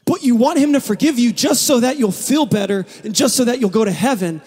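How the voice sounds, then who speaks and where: A man with a notably high voice delivers a sermon in a large church hall. His voice rings out with a long reverb. He swings from hushed, intimate lines to impassioned, shouted calls. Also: brisk, husky. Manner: builds from quiet to passionate shouting. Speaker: pastor.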